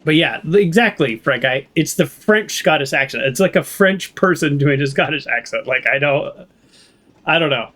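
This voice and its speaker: A man's voice: fairly high pitch, animated, normal speed, a bit bright. A man with a West Coast American accent, rambling chattily as he plays and comments on a game. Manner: rambling, chatty, lots of fillers and laughs. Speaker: let's play streamer.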